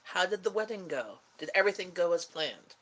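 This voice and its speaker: A middle-aged woman, tired and yawning as she hosts a relaxed, rambling live-stream chat with her viewers. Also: fairly low pitch, breathy edge. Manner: rambling, relaxed, chatty with pauses. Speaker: livestream host chatting with viewers.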